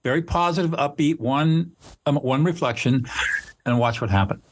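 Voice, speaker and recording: A man's voice: on the high side, normal speed, a little hiss or hum. An older man, a mediator being interviewed, explaining his method in an earnest, instructive way and sometimes acting out sample lines. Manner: earnest, instructive, acts out example dialogue. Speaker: mediator and trainer, guest. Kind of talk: conversational explanation.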